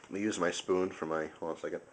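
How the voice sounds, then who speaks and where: A man's voice: low voice, fairly even intonation, racing, slight background noise. A young man casually reviewing food on camera, chatty and enthusiastic, sometimes talking with his mouth full. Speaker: video host.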